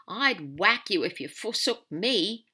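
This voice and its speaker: A woman's voice: mid-range voice, expressive, slow pace, bright, forceful tone, breathy edge, voice pushed up, exaggerated voice. A woman reading aloud and voicing rowdy male bar patrons who heckle and jeer. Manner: heckling, jeering.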